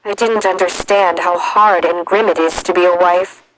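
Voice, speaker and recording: A woman's voice: lowish voice, steady tone, normal speed, a bit bright, slight background noise, natural voice, low-quality recording. A woman reading a storybook, voicing a frustrated young girl in mourning who talks intensely and with emphasis.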